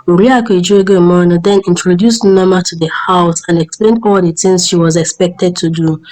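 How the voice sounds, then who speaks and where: A woman narrating a folk tale in a steady, measured storytelling voice. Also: lowish voice, rough recording.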